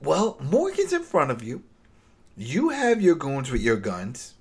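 Husky-voiced man in animated chat. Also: mid-range voice, measured pace. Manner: animated storytelling, laughing and acting out characters. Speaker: podcast co-host recapping a TV episode. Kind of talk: casual chat.

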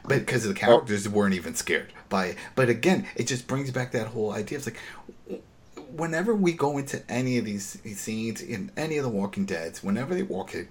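A man hosting a casual episode recap, ranting in an animated, exasperated way, swearing and acting out bits of the scenes. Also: mid-range voice. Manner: acts out character lines in quick impressions.

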